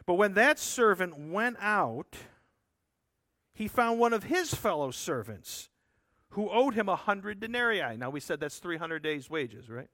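Man, high voice, dry close sound, sermon, earnest, emphatic, rhetorical asides. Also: big pitch swings, measured pace, sharp tone, no echo. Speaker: preacher.

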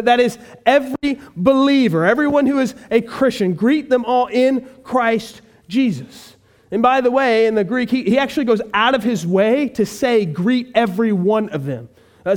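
A man's voice: very high voice, darkish tone. A male pastor preaching a sermon, earnest and emphatic, repeating key phrases for weight.

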